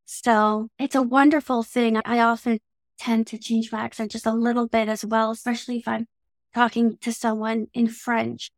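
Canadian woman interview guest, fairly high voice, measured, reflective, dry close recording. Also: level tone, dry recording. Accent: Canadian English.

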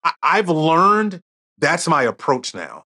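A man's voice: on the high side, wildly swooping pitch, takes it slowly, bright, forceful tone, breathy edge. A middle-aged man as a podcast guest, telling stories in casual conversation and acting out quoted dialogue.

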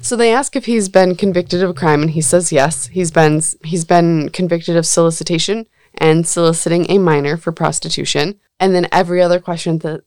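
A woman's voice: deep voice, a little mellow, clean tone, dry recording, clean studio sound. A woman hosting a podcast in casual chat, chatty and blunt, with a sarcastic edge and frequent laughter. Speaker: podcast host.

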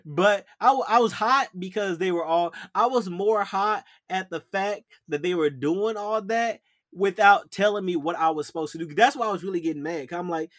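A young man spins stories in a loose, slangy way, acting out the voices of people who yelled at him. His voice sits a little high. The recording is close and dry. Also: moderate pace, no room sound. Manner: animated, acts out yelled quotes, slangy. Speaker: podcast co-host. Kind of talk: casual storytelling chat.

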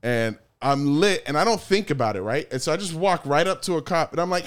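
A man casually telling a story among friends, animated, swearing a lot and acting out the quotes. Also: fairly high pitch, fairly quick, hardly any pauses.

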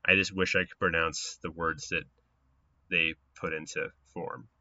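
A man's voice: sits low, level tone, unhurried, bright, forceful tone, no room sound, dull audio. A man co-hosting a podcast, chatting casually and rambling with lots of fillers. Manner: easygoing, rambling with frequent fillers. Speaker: podcast co-host.

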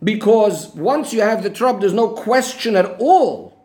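A man's voice: high-pitched, lively intonation, measured pace, darkish tone. A man giving an explanatory Torah lesson, going through the reasoning methodically and restating each point step by step. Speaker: Torah teacher.

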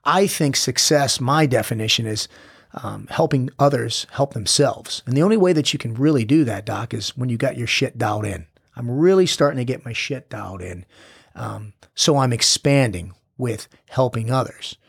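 A man's voice: medium pitch, animated, moderate pace, creaky, husky, dry recording. Intense, blunt male guest in mid range, swearing, frequent restarts, dry recording. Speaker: podcast guest, former Navy SEAL. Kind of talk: candid conversational interview.

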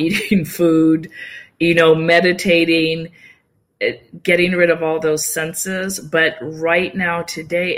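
A woman guest in an interview, talking calmly and explaining at length, now and then acting out short quoted thoughts. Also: on the low side. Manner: calm, explanatory, acts out little quoted inner voices. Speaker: yoga nidra practitioner and guest. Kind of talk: casual interview conversation.

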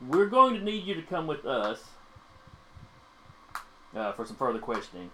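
A man's voice: medium pitch, sing-song, normal speed, bright, forceful tone, a little hiss or hum, low-quality recording. A man voicing a stern male FBI agent who asks terse, formal questions in a tabletop game.

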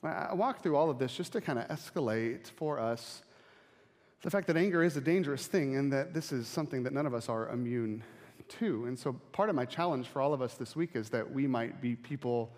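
A man preaching a sermon as pastor, talking in a conversational, animated way and acting out little quotes. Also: mid-range voice, fairly quick, long reverb tail.

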